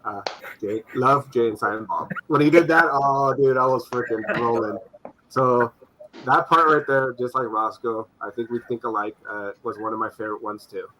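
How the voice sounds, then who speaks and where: Casting: animated podcast guest, bright sharp voice, faint hiss behind. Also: male voice, mid-range voice, normal speed, low-quality recording. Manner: animated, swears, hands off to others. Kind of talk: casual podcast chat.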